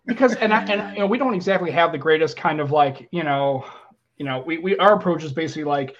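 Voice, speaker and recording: A man hosting a podcast, telling jokey stories and acting out quotes in an animated way. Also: a little high, quick pace. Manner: animated, joking storyteller who acts out quotes. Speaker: podcast host. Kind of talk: casual podcast chat. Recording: dull lo-fi audio.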